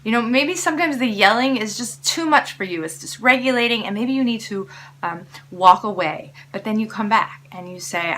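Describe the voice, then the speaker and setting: A woman's voice: a little high, normal speed, a bit bright, a little hiss or hum. A woman hosting parenting tips, speaking casually and encouragingly straight to her viewers. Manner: encouraging, coaching tone addressing viewers directly. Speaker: parenting educator and host. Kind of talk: casual spoken tips to camera.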